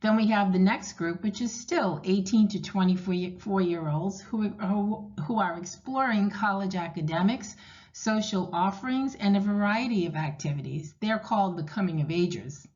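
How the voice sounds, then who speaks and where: New england lady reading a presentation pitch, clear and measured, kinda muffled lo-fi audio. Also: a little mellow. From Rhode Island, USA. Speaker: university technology director presenting. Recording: dull lo-fi recording.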